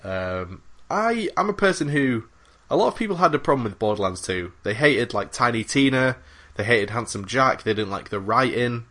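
A man's voice: medium pitch, expressive, normal speed, pushed and bright. A man co-hosting a gaming podcast in a casual, rambling, enthusiastic chat with plenty of fillers and swearing. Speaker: podcast co-host.

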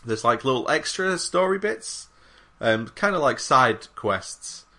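On a gaming podcast, a young co-host talks a little slowly but animatedly, his medium-pitched voice bright and forceful. His casual conversation rambles and is packed with fillers.

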